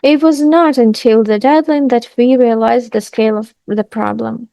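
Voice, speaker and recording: A woman's voice: a little high, fairly even intonation, vocal fry, dark tone, no room sound, muffled recording. A woman teaching an English lesson, reading out terms and example sentences with brief comments. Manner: reads vocabulary and example sentences aloud, pauses to comment. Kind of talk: language lesson.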